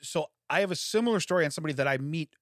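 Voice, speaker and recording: A man co-hosting a podcast in casual chat, quick with wisecracks and laughing often. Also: a little high, expressive, a bit bright, no echo, studio quality. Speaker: podcast co-host.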